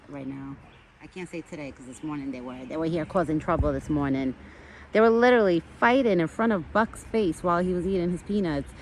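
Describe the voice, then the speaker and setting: Woman vlogger, casual outdoor phone chat, lower voice, coos at animals, faint background noise. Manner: coos sweetly at animals in a raised baby-talk voice. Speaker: vlogger feeding wild animals. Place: outdoors in a yard by woods.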